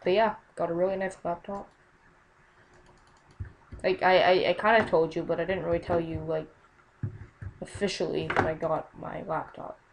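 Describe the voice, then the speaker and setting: A woman's voice: lowish voice, fairly even intonation, normal speed, long pauses, a little hiss or hum, rough recording. A young woman casually commenting on her own gameplay, exclaiming often and muttering under her breath.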